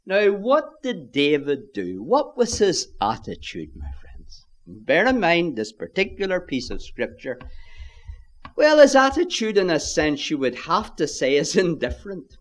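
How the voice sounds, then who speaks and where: A man preaching a sermon, earnest, reading scripture in old-fashioned wording and dropping to a near hush for emphasis. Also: on the high side, huge pitch swings, unhurried.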